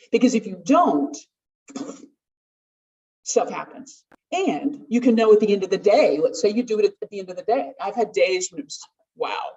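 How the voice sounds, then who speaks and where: A woman speaking to a conference audience, lively and conversational, acting out quoted voices and laughing often. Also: medium pitch. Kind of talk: conference talk. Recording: distant, dull room mic.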